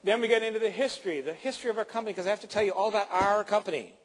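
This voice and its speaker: A man's voice: high-pitched, rapid-fire, big-room sound, slight background noise, voice pushed up, natural voice, rough recording. A man acting out a boastful corporate presenter who drones on about his firm. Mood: smug boasting. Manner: smug, self-important, monotone listing.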